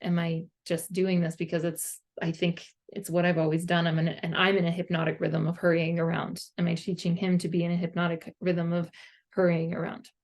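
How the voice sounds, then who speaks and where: A woman's voice: on the low side, monotone, a little fast, darkish tone. A woman vlogger talking to her viewers in a casual, earnest monologue, peppered with "like". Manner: earnest, conversational, heavy use of "like". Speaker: parenting vlogger.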